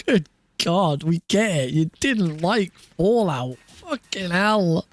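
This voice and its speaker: This high-pitched streamer stretches out his words expressively while practicing a speedrun live, chatting casually with his audience. He laughs often and curses without restraint, and the recording is dry.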